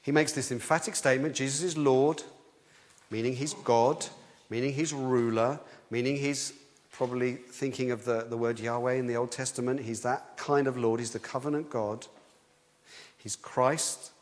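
A man preaching a sermon in a lively, conversational way, often restarting his sentences. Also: medium pitch, moderate pace. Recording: long hall reverb.

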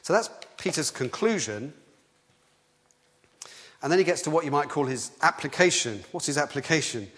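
A man preaching a sermon in a lively, conversational way, often restarting his sentences. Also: a little high, moderate pace, long pauses. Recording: long hall reverb.

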